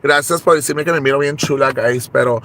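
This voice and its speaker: A man's voice: mid-range voice, fast, fairly bright tone, slight background noise, close to an everyday voice. A man voicing a brassy, shameless young Tejana woman, gossiping and code-switching in a confessional comedy vlog. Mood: gossipy. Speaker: vlog character. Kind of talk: comedic character monologue.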